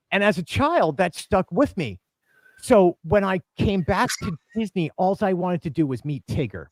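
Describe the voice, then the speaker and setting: A podcast host, a man with a fairly high voice, tells stories in an excitable, animated way and jumps up into loud acted-out quotes. His voice is recorded close and dry, with no room sound. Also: normal speed, dry recording. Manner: excitable, acts out quotes with big jumps in pitch. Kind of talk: animated storytelling chat.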